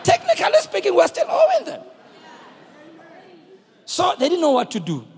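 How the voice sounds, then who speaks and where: A middle-aged man with a South African accent preaching a sermon, telling a story and calling out to the congregation in shouted, sung-out bursts. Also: extremely high pitch, huge pitch swings, moderate pace, gravelly, in a large hall, some chatter behind, a little hiss or hum. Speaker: pastor.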